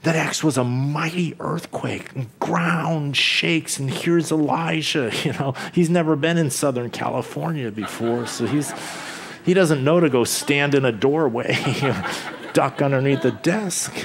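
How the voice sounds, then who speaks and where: Slow-speaking male pastor preaching. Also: a little high, creaky, noisy background. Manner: slow, deliberate preaching with dramatic pauses and quiet drops; chuckles between points. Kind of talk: sermon.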